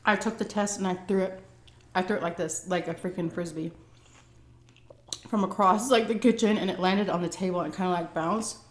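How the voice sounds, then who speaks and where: A woman's voice: lowish voice, fairly even intonation, fairly quick, slight background noise. A woman vlogger telling a personal story in a casual, chatty way, with many "like" and "um" fillers. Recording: echoey room.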